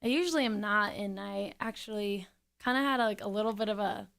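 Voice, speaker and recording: A woman's voice: mid-range voice, brisk, creaky, a bit bright, smooth. A woman in her twenties, a singer, telling her story in a casual interview, chatty and giggly with lots of fillers. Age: 20s.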